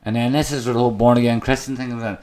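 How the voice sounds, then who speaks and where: A man's voice: mid-range voice, fairly even intonation, very fast, darkish tone. An Irish man telling his own story as a podcast guest, raw and emotional and swearing constantly. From Ireland. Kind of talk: candid personal storytelling. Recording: echoey room.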